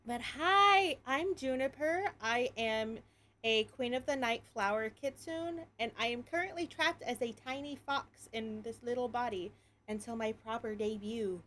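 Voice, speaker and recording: A woman streaming live in casual chat, excitable, laughing often and swearing freely. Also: a little high, unhurried, slight background noise.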